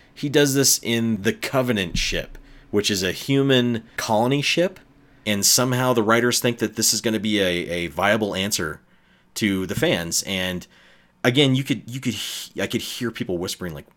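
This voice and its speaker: Male film reviewer, lowish voice, frustrated ranting delivery, frequent swearing. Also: lively intonation, normal speed, a bit bright. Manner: exasperated, ranting, swears often. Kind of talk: casual spoken movie review.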